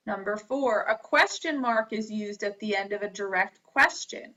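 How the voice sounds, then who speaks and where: A woman teaching a grammar lesson, reading out rules and examples deliberately and spelling words letter by letter. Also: medium pitch, bright, forceful tone. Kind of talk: slow classroom lecture on grammar. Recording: dull lo-fi recording.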